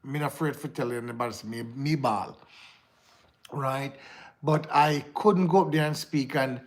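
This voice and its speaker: A man's voice: a little high, normal speed. A man with a Jamaican accent chatting casually to viewers on his livestream, rambling and slipping into patois. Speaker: livestream host. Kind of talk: casual live chat to viewers.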